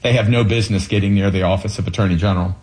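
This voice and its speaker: A man with a fairly low voice talks as a political candidate in an interview. He is earnest and tells anecdotes, and he often hesitates and restarts his sentences. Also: steady tone, very fast, a little mellow. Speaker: attorney general candidate.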